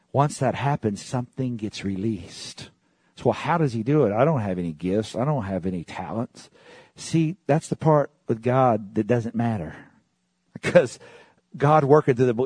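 A male preacher with a husky, slightly rough voice delivers a sermon, his pitch often leaping up into excited, high exclamations. The sound is dry and close, with almost no room around it. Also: no room sound.

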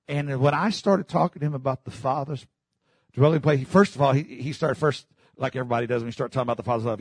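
A man preaching a sermon in a church, fervently, breaking into shouts and calling for the congregation to answer him. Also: fairly high pitch, fast talker, slightly rough, no echo. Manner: fervent preaching, bursts into shouts, call-and-response. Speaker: pastor.

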